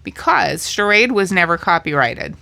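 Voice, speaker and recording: A woman's voice: on the low side, sing-song, moderate pace, vocal fry, bright, forceful tone. Chatty woman sharing movie trivia. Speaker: podcast co-host. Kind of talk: casual movie chat.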